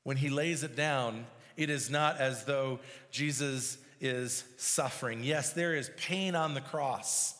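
A man's voice: medium pitch, takes it slowly, few pauses, fairly bright tone. A man preaching a sermon, reading scripture aloud and explaining it verse by verse with emphasis. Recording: long hall reverb.

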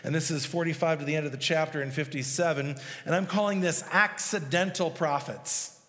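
A man's voice: fairly high pitch, brisk, a bit bright. A male pastor preaching a sermon in a conversational, emphatic way with casual asides. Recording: long reverb of a hall.

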